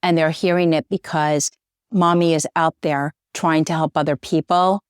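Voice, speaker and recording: Middle-aged woman guest, earnest and choked up, lowish voice, dry close sound. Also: fairly even intonation, normal speed, smooth, dry recording. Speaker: interview guest, divorce journalist. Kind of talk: conversational interview.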